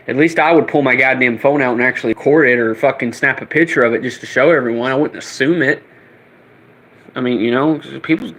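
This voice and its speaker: A man with a medium-pitched voice, captured in a low-quality recording, goes on a casual, profane rant during a live stream. Exasperated, he repeats himself and keeps restarting his sentences in this ranting monologue.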